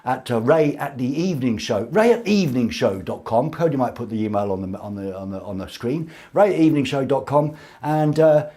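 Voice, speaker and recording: A man's voice: mid-range voice, lively intonation, brisk, few pauses, warm tone. A man hosting a casual live show from a small studio, reading out viewer comments with cheeky, rambling jokes. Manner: jokey, rambling, cheeky asides.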